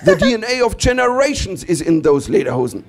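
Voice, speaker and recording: A man's voice: high voice, sing-song, fairly quick. A German man with a German accent performing a stand-up comedy routine in English, telling stories with mock-pompous, self-deprecating punchlines. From Bavaria, southern Germany.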